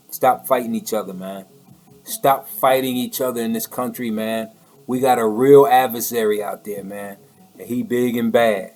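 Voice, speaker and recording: A man's voice: mid-range voice, steady tone, normal speed, a little mellow, faint music behind. A man giving a heated, preachy political monologue in a colloquial way, often repeating words as he pushes his point. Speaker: political commentator. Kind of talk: impassioned monologue.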